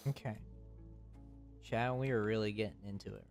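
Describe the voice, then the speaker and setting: A man's voice: lowish voice, steady tone, normal speed, vocal fry, darkish tone, soft background music. A young man live-streaming who chats loosely and jokingly with his viewers, rambling and often laughing. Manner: rambling, joking, answers chat with frequent laughs. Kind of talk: casual live-stream chat.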